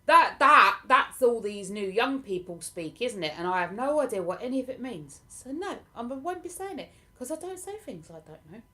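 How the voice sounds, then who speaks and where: Woman, southern English accent with Lincolnshire touches, livestream host, casual chat, self-deprecating, fairly high-pitched. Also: big pitch swings, normal speed, few pauses, bright, forceful tone. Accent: southern English, partly Lincolnshire. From southern England. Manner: chatty and self-deprecating, laughs often. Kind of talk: casual live chat answering viewer comments.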